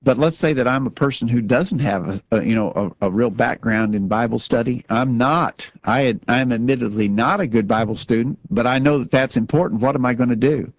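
A man's voice: medium pitch, a little fast, few pauses, no room sound, lo-fi sound. Earnest man hosting a religious talk show. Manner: earnest, repeats words when starting sentences. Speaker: radio show co-host.

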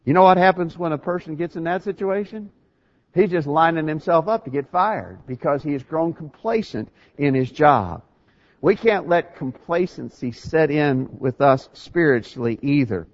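A man's voice: a little high, muffled recording. A man preaching a sermon in an earnest, emphatic way, often restarting his phrases.

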